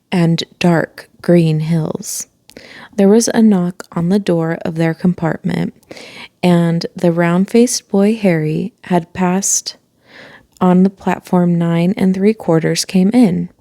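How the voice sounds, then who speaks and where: Woman storyteller, dark and mellow, slow read-aloud pace. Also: fairly low pitch, dry recording, studio quality. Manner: calm, unhurried reading with asides. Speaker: children's book reader.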